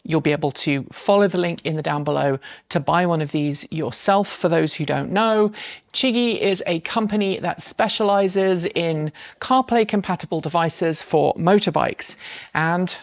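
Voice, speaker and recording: Woman, casual home vlog, somewhat low pitch, dry room. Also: normal speed, dry recording. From United States. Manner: chatty, explains with asides. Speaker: channel host. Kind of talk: casual vlog with sponsored segment.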